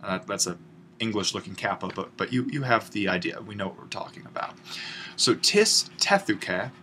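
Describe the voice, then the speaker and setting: A man with a fairly low voice walks students through a grammar exercise in a patient, explanatory way. He stops and restarts often and fills gaps with little "uh"s as he thinks aloud. A faint hum of room ambience sits under the voice. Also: quick pace, fairly bright tone. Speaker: Greek instructor. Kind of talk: online grammar lesson.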